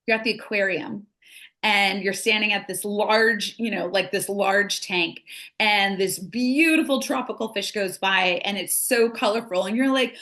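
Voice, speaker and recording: A woman's voice: medium pitch, a little slow, sharp tone. Middle-aged woman, grief counselor type, earnest and patient, casual podcast chat. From United States. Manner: earnest, explains with acted-out examples. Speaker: grief recovery specialist.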